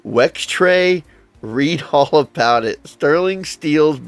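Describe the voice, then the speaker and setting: A man's voice: a little high, animated, slow pace, no echo, faint music behind. A man voicing a street newsboy who cries out the headlines in a sing-song, word-mangling way. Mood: hawking.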